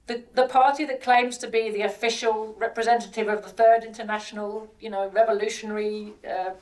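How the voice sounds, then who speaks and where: A British woman delivers a public speech in a fairly high voice, pressing her points with rhetorical questions and repeated words. Her voice is picked up from some distance away from the mic. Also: fairly even intonation, fairly quick, darkish tone. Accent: British English. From Britain. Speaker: guest speaker at a political event.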